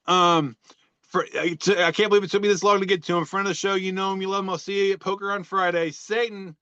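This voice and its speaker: Man, casual podcast chat, slightly high voice, rambling and joking, dull dry recording. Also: flat delivery, quick pace, pushed and bright, clean tone, no echo. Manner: rambling, joking, with many fillers and restarts. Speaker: podcast co-host reading social media posts.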